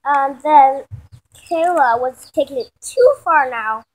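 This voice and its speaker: A woman's voice: high-pitched, slow pace. A woman telling an improvised story in a rambling way, often restarting and correcting herself.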